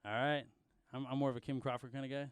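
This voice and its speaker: A man's voice: mid-range voice, little pitch movement, fast talker, clear, resonant tone, no room sound. A young man from Canada co-hosting a podcast, chatting casually in a rambling way, swearing and restarting often. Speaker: podcast co-host. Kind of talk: casual chat.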